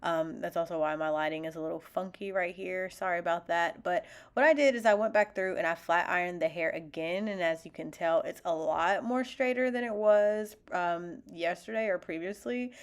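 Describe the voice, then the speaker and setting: A woman's voice: lowish voice, clean tone. A woman talking through a hair tutorial in a casual voice-over, chatty and full of fillers, laughing at herself now and then. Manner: self-deprecating, laughs at herself. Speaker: beauty vlogger.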